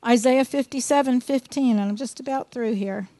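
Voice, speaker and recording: A woman preacher with a high, bright-pitched voice, earnest and folksy as she reads scripture and explains it. The sound is dry and close, with no room echo. Her emphasis rises on the scripture lines. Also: moderate pace. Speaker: Bible teacher. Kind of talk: sermon with scripture reading.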